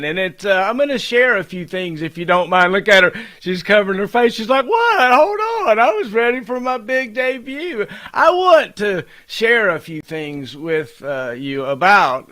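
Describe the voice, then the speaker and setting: An American man hosting a casual livestream chat, excited and rambling with many fillers. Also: sits high. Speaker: host.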